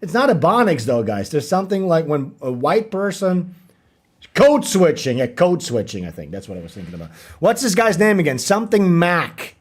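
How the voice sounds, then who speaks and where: A man's voice: a little high, wildly swooping pitch, normal speed, breathy edge. A young man hosting a casual livestream chat, ranting and mocking with a lot of profanity. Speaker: livestream host.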